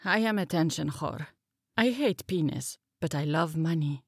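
A woman voicing a bored, emotionless young woman who speaks in thickly accented English, flat and blandly indifferent. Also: low-pitched, unhurried, slightly rough, dry recording, studio quality, pitched below the performer's own voice, heavily acted.

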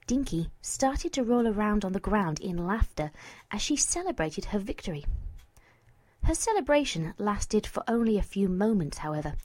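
A woman reading a story aloud as narrator, slow and expressive, at times dropping to a whisper. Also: mid-range voice, no room sound.

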